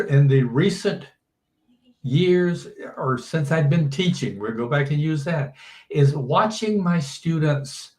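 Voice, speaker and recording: An older man, a teacher, giving measured interview answers and often restarting his sentences. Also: fairly high pitch, a little mellow, echoey room. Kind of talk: slow thoughtful interview answers.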